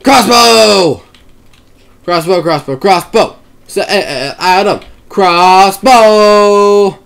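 A young man rambling through casual gameplay commentary, swearing and breaking into excited shouts. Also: high-pitched, extremely slow, vocal fry, smooth. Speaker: gamer.

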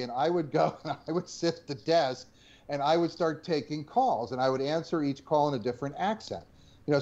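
A man in his sixties from New Jersey, a former game designer telling stories in an interview, animated and full of jokes. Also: on the high side. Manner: animated, joking, punchline-driven. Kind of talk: storytelling interview. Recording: slightly dull lo-fi audio.

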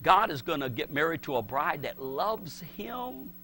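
A man's voice: on the high side, very animated, unhurried, creaky, bright, forceful tone, a little hiss or hum. A male pastor preaching a sermon, emphatic and repetitive, acting out the voices he quotes.

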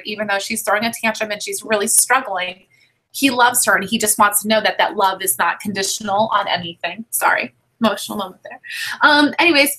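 Bright chatty woman showing books. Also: mid-range voice, rough recording. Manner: chatty, frequent apologies and fillers. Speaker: book seller presenting new titles. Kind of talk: casual book showcase.

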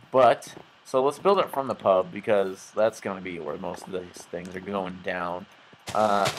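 A man's voice: lowish voice, fairly bright tone, a little hiss or hum, low-quality recording. A man hosting a game let's play, talking casually with rambling, jokey, self-mocking asides. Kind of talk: casual gameplay commentary.

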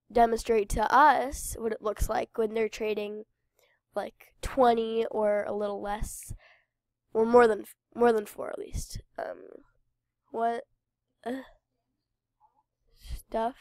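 A woman's voice: fairly high pitch, no room sound, clean studio sound. A woman with a cold and a stuffy nose, chatting casually to viewers as she plays and talks through a game. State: congested with a cold. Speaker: game channel host. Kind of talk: casual gameplay commentary.

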